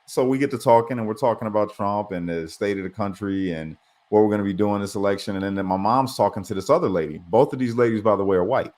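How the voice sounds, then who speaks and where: A man's voice: lowish voice, fast, darkish tone. A man hosting a podcast, tired, telling a story in casual chat and swearing freely. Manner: swearing, laid-back storyteller. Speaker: podcast host.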